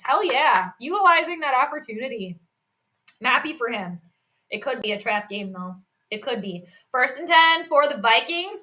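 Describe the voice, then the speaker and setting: Woman streamer doing play by play, high bright voice, chats w her viewers a lot. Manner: chatty, reacts to plays, reads chat comments. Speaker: live stream commentator. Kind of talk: live play-by-play commentary stream.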